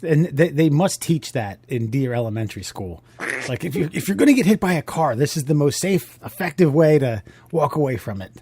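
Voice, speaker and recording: A man's voice: a little high, animated, a little fast, dark tone, breathy edge, dry recording. A man in casual podcast chat, joking and rambling, restarting his sentences often.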